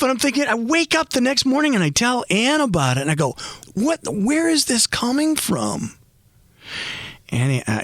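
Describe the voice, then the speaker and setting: A man's voice: on the high side, a bit bright, dry recording. A man hosting a podcast, chatting casually in a rambling, self-mocking way and laughing often. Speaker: podcast host. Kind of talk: casual podcast monologue and interview.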